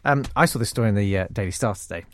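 A man hosting a radio show, chatting casually and jokily, quick to slip into funny voices. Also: on the low side, slight background noise. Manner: animated, jokey, slips into voices. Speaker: radio host. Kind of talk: casual chat.

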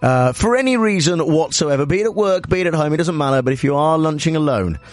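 Playful, lively radio host man. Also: on the high side, no room sound. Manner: playful, teasing, halting with many fillers. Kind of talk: comic radio talk show. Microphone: studio microphone.

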